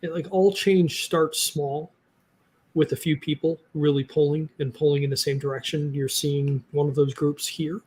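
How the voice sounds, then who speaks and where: A man's voice: fairly high pitch, level tone, normal speed, a little mellow, breathy edge. A man hosting a podcast, chatting loosely and upbeat with lots of fillers. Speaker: podcast host. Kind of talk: casual podcast chat.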